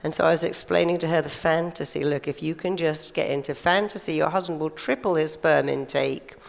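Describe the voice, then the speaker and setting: Speaking briskly in a low, creaky voice with fairly even intonation, an older woman addresses a live audience from a stage. Her talk is chatty, full of stories and acted-out quotes, echoing with long reverb in a big conference hall.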